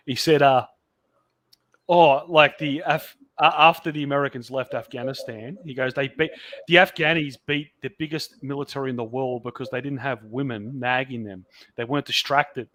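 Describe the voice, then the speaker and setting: A man hosting a casual livestream chat, easygoing and animated when he retells a story. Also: medium pitch, normal speed. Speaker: host.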